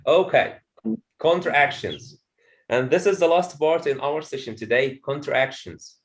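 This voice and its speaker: A man's voice: on the high side, measured pace. A man teaching a pronunciation lesson to a classroom of students, repeating phrases and checking understanding with "okay?". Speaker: English teacher.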